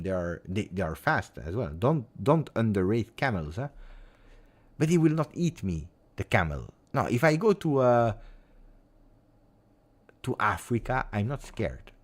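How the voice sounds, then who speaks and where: A man with an Italian accent who hosts a football channel, chatting casually and rambling expressively on a live stream with lots of fillers. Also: on the low side.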